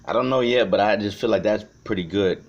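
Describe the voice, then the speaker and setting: A man from Chicago talking to the camera in an unscripted vlog. He rambles and swears, swinging between shouting and quiet reflection. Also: on the low side, a little fast. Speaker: vlogger. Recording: dull lo-fi recording.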